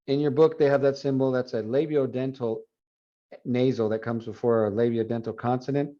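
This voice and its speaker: A man teaching a phonetics class review, explaining and repeating words slowly to model pronunciation. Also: mid-range voice, fairly even intonation, dark tone. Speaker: Spanish phonetics instructor. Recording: dull lo-fi classroom recording.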